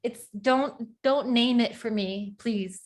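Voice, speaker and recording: A woman being interviewed as a guest, speaking reflectively and often pausing to search for the right words. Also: on the high side. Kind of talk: conversational interview.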